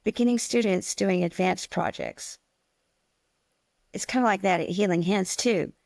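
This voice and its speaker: A woman co-hosting a casual podcast chat, telling animated stories about teaching stained glass classes and acting out her students' worries. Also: medium pitch, measured pace, creaky, dry recording. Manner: chatty, animated storytelling with acted-out quotes.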